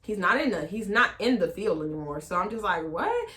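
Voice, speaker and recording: Slangy woman telling a storytime, bright voice. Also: brisk. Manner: animated, acts out quoted voices with big pitch jumps; slangy, frequent fillers. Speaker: storytime vlogger. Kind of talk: casual storytelling.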